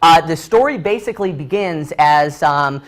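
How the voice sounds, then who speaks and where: A man's voice: fairly high pitch, expressive, normal speed. Chatty male trainer telling a story. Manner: loose and chatty, many fillers and restarts. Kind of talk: freestyle storytelling at a whiteboard.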